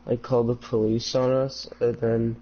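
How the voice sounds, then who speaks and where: A man's voice: level tone, moderate pace, a little hiss or hum. A young man telling a story in a casual chat among friends, filling every phrase with "like". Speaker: podcast co-host. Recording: dull low-fi home recording.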